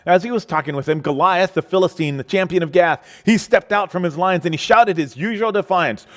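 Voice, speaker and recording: Animated male pastor telling a Bible story. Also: a little high. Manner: animated storytelling, acting out characters. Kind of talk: sermon.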